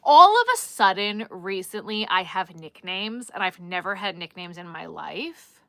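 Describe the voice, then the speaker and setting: A woman's voice: mid-range voice, expressive, measured pace, fairly bright tone, no room sound. A woman with a New Jersey accent, hosting a casual livestream and chatting in a rambling way while she crochets. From Newark, New Jersey. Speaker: livestream host.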